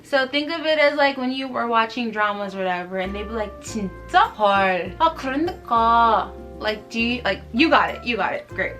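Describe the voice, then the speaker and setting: A young woman with a Californian accent chats casually on a vlog, her voice bright and slightly high. She's giggly and pokes fun at herself as she goes. Faint music plays softly underneath. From United States. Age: 20s. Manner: chatty, giggly, self-mocking. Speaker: language-learning vlogger. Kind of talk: casual chat to camera.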